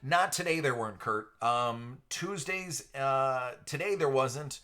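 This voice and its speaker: A man's voice: mid-range voice, slow, bright, forceful tone, clear, resonant tone. A man hosting a live card-breaking stream, chatting casually with a projected, radio-style delivery into a studio mic. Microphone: entry-level studio microphone.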